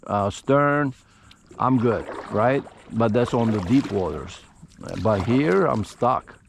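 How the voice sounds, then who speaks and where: A man's voice: on the low side, vocal fry, darkish tone, slight background noise. A middle-aged man vlogging from a kayak on a lagoon, talking straight to his viewers in a chatty, frustrated way. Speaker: fishing vlogger. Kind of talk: casual vlog commentary. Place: outdoors on a kayak on a shallow lagoon.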